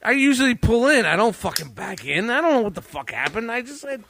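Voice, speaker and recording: A man's voice: very high-pitched, very animated, a little fast, vocal fry, a bit bright, no echo. A man telling a story in casual chat, rambling, swearing and repeating himself, a little out of breath. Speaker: storyteller friend.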